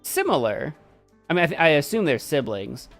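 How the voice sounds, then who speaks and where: A man's voice: fairly high pitch, sing-song, normal speed, a bit bright, soft background music. A man chatting casually on a live stream, giving playful commentary.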